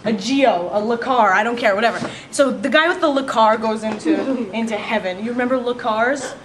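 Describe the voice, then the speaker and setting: A woman's voice: fairly high pitch, brisk, a crowd in the background. A woman telling jokes in a casual setting, acting out the characters' lines and laughing through her punchlines. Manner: animated storyteller, laughs through punchlines and acts out quoted voices.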